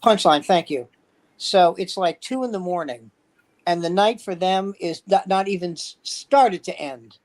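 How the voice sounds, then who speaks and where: A man's voice: high-pitched, a little slow, a little mellow, poor audio. A man, a veteran stand-up comedian, telling rambling anecdotes in casual chat and acting out the quotes.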